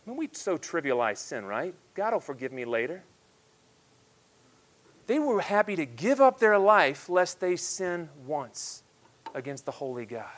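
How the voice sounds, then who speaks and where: A man in his thirties preaching a sermon, swinging between loud, emphatic declarations and hushed, quiet asides. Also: high voice, big pitch swings, normal speed. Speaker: pastor.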